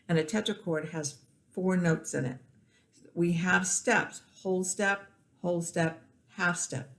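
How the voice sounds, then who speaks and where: A woman music teacher giving a recorded classroom lecture, explaining patiently with restarts and counting beats aloud to show the rhythm. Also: fairly low pitch.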